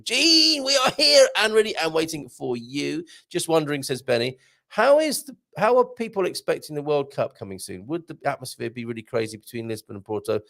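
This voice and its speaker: A man's voice: medium pitch, gravelly. A man hosting a casual live morning show, reading out viewer comments and chatting with a jokey manner. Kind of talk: casual live-stream chat.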